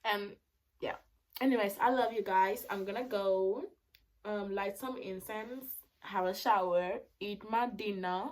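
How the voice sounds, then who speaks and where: This vlogger, a woman in her twenties and native Spanish speaker, talks into her phone in a casual way at a medium pitch and a little slowly. Loud, excited moments alternate with hushed, thoughtful ones.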